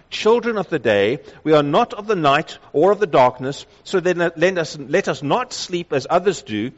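Emphatic male preacher in a reverberant hall. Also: on the high side. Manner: emphatic, slows down to stress key phrases. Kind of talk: sermon. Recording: dull lo-fi sound with long hall reverb.

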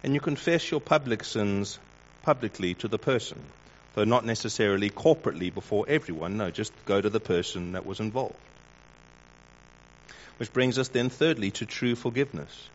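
A man preaching a sermon in a measured way, with wry mock-dramatic asides. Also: on the low side, animated. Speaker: pastor. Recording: dull lo-fi recording.

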